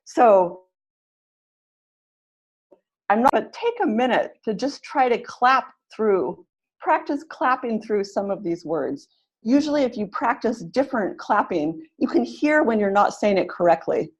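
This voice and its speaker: A woman leading an online teacher-training webinar, speaking clearly and encouragingly and exaggerating the stress on words she models. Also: fairly high pitch, big pitch swings, measured pace. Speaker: webinar facilitator.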